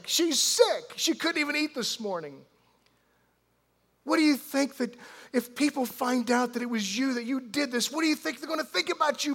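A man voicing a furious middle-aged father who shouts at his grown son in an exasperated, high-pitched rant. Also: creaky, exaggerated voice. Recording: long hall reverb.

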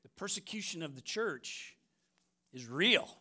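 A man's voice: on the high side, expressive, unhurried, bright, forceful tone. A middle-aged American man preaching a sermon, emphatic, repeating phrases and asking "right?" often. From United States. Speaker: pastor.

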